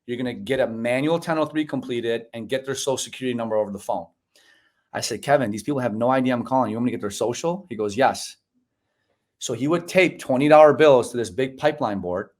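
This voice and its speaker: A man's voice: mid-range voice, quick pace. A man in his forties, a guest telling his story in a casual interview over a video call, acting out voices and saying "bro" and "man". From United States (Chicago). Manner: animated storyteller, acts out quoted dialogue, says "bro" and "man". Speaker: podcast guest.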